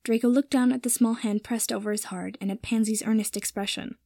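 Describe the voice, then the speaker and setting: A woman narrating a story in a measured, even reading style. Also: on the high side, no echo, clean studio sound.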